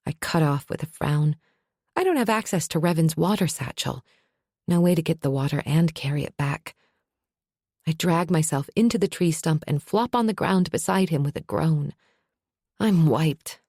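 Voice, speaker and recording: A woman's voice: deep voice, darkish tone, breathy edge, no echo, studio quality. A woman narrating a fantasy audiobook in first person, with a wry, sardonic edge.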